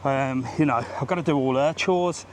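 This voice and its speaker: Here a middle-aged man jokes and rants on a live vlog while strolling a sunny seafront street, talking into a handheld phone and slightly out of breath. He speaks at a moderate pace in a mid-range voice, with slight background noise.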